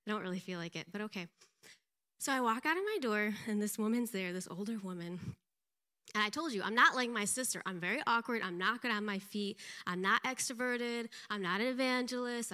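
A middle-aged woman giving an animated, self-deprecating church testimony, laughing often. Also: mid-range voice. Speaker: pastor's wife giving a testimony.

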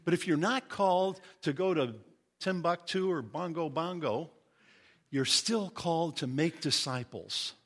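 A middle-aged man from Indiana preaching a sermon as pastor, earnest and teaching, reading scripture slowly with emphasis. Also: a little high, fairly bright tone.

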